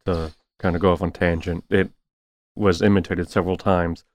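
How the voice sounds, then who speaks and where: Man, very deep voice, monotone, short replies, dry sound. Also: moderate pace, no echo. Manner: brief agreeing replies, flat delivery. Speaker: podcast co-host. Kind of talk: casual chat.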